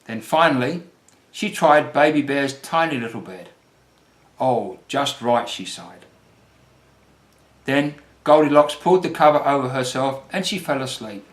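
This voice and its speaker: A man's voice: mid-range voice, moderate pace. Man reading a children's story. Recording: roomy echo.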